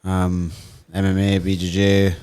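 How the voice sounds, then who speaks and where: A young man with a fairly low voice. He talks in loose, casual podcast banter and swears freely, sounding relaxed among friends. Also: measured pace, smooth. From Wales. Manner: swears a lot, laid-back banter. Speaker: podcast co-host, fighter. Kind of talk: casual chat.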